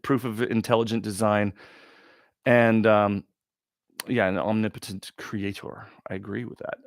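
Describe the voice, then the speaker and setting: A man hosting a live question-and-answer stream, talking in a rambling, excitable way with many restarts. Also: fairly low pitch, creaky, no room sound, clean studio sound. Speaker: talk show host.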